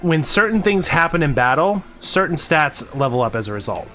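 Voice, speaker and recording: A man's voice: fairly high pitch, big pitch swings, moderate pace, sharp tone, soft background music. A man chatting casually on a live stream while playing a game, rambling with lots of fillers and some swearing. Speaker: variety streamer.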